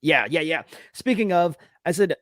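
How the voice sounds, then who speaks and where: A man's voice: fairly high pitch, expressive, moderate pace, fairly bright tone, no echo. A man co-hosting a casual sports podcast, sarcastically reading his notes aloud and mocking what he watched. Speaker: podcast co-host.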